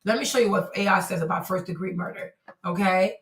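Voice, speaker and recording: A woman's voice: lowish voice, brisk. Emphatic woman, echoey and off-mic. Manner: emphatic, repetitive, exclaiming. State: losing her voice. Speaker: host. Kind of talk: commentary on a criminal case. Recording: echoey room, far from mic.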